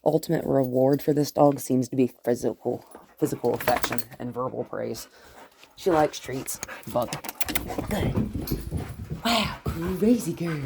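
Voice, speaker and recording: A woman dog trainer narrating a live training session, giving gentle, coaxing praise that often drops to a whisper. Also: extremely low pitch, fairly even intonation, normal speed, gravelly, background noise.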